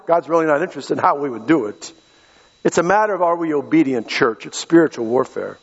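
A man's voice: fairly high pitch, expressive, fast, slightly rough. A middle-aged man from western Pennsylvania preaching a sermon as pastor, impassioned and repeating key phrases. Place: church sanctuary. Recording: echoey hall, dull lo-fi sound.

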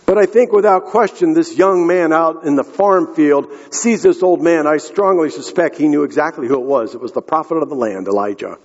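Male pastor, husky and fairly high voice, earnest storytelling sermon, dull lo-fi hall recording. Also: brisk, few pauses. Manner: earnest storytelling, addresses the congregation directly. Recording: echoey hall, dull lo-fi sound.

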